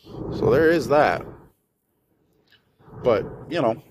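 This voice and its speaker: A man's voice: mid-range voice, expressive, extremely slow. A young man from Michigan telling a story on his casual solo podcast, rambling, profane and mocking, partly while driving. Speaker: podcast host. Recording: noisy background ambience.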